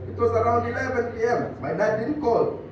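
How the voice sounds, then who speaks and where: A man with a Tanzanian accent doing a stand-up comedy routine, telling animated stories and slipping into Swahili. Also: very high-pitched, a little fast, noisy background. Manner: animated storytelling, switching between English and Swahili. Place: comedy club stage. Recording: echoey distant muffled club recording.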